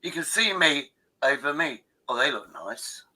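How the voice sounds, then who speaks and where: Brief: older man in his sixties, sharp bright tone, rambling and sweary, livestream host on a call. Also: fairly high pitch, big pitch swings, unhurried, low-quality recording. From Derbyshire, England. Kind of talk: casual chat.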